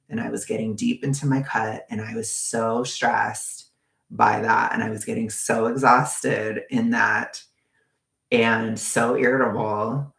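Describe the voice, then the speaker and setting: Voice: medium pitch, creaky, a bit bright, echoey room. A vlogger ranting in a casual, profane, exasperated way.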